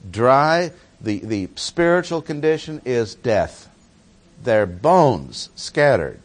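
A man's voice: mid-range voice, big pitch swings, takes it slowly. A man teaching through a Bible passage verse by verse, stressing key words by repeating them.

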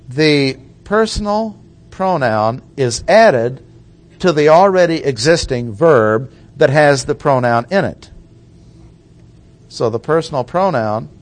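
A man preaching a teaching sermon, explaining word meanings slowly and deliberately and asking rhetorical questions. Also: fairly high pitch. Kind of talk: sermon teaching on Bible language.

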